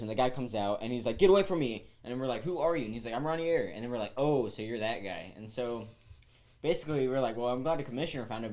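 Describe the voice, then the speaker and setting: A man's voice: mid-range voice, darkish tone. A man on a podcast rambling through a recap of a tabletop game, often correcting himself. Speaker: player and podcast guest. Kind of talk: casual podcast chat.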